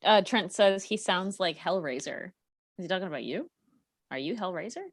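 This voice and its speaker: A woman's voice: fairly low pitch, expressive, moderate pace, no room sound, clean studio sound. A woman co-hosting a live-stream show, giggly and playful, reading out trivia. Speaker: podcast co-host. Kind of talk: casual live-stream chat.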